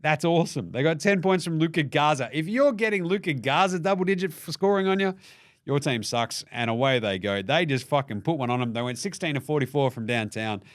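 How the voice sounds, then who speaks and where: An Australian-accented man hosts a loose basketball recap. He swears freely and jokes his way through the results. His voice sits a little high and swings up and down a lot. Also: brisk, dry recording, studio quality. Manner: profane, animated, jokey rant. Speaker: basketball show host. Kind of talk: casual sports recap.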